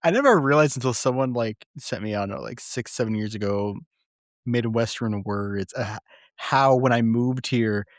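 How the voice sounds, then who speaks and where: Casting note: male podcast co-host, giggly and easygoing, mid-pitched voice, dry close recording. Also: normal speed, no echo. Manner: giggly, laughs often. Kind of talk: casual chat.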